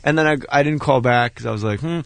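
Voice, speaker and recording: A man appearing as a guest comedian on a radio talk show, telling animated stories and slipping into impressions. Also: mid-range voice, fast, vocal fry, no echo. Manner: animated storyteller who slips into impressions.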